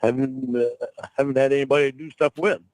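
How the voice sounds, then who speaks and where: A man heard in a recorded call, talking in a sheepish, apologetic way. His voice has a middle pitch. The sound is dry and close. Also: steady tone, quick pace, a little mellow, dry recording, poor audio.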